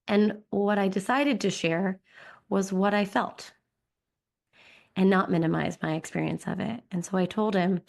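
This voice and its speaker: A woman co-hosting a podcast, a mother sharing a personal story in a gentle, soft-spoken way. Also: medium pitch, fairly even intonation, measured pace, vocal fry.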